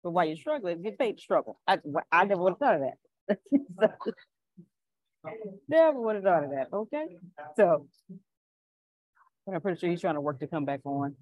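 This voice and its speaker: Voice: medium pitch, lively intonation, moderate pace, pauses often, no echo, muffled recording. A chatty host leads an online class, laughing often between remarks. The voice is of middle height and sounds close and dry, with no room around it.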